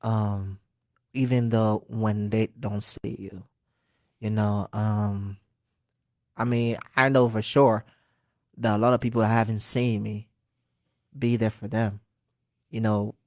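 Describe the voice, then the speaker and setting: A man in his twenties from Liberia, a singer talking as a guest in a casual interview, animated and earnest, laughing often. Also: fairly low pitch, slow, long pauses, no room sound, clean studio sound. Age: 20s.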